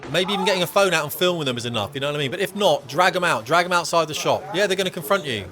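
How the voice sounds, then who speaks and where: Fast-talking blunt British man. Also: on the high side, expressive, sharp tone. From Britain. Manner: blunt, emphatic, slangy. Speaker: commentary vlogger. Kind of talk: opinionated commentary.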